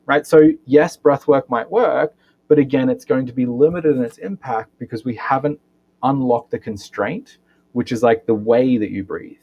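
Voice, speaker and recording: A man's voice: medium pitch, moderate pace, slightly rough, dull audio. A man, a physiotherapist and breathwork educator, explaining things in a podcast interview, often ending points with a questioning "right?". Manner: animated explainer, frequent tag questions.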